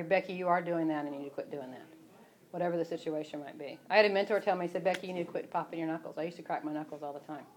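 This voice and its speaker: A woman hosting a casual faith talk, speaking conversationally and quoting scripture. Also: fairly low pitch.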